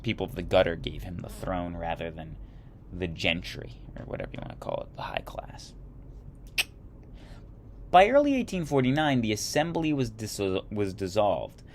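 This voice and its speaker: A man with a fairly low voice reads a history lesson straight from the textbook. He trips over words, corrects himself, and breaks off for casual remarks. A faint hum sits under his voice. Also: big pitch swings, normal speed, gravelly. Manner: stumbling reads with self-corrections and chatty asides. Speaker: history teacher. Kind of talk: reading a history textbook aloud.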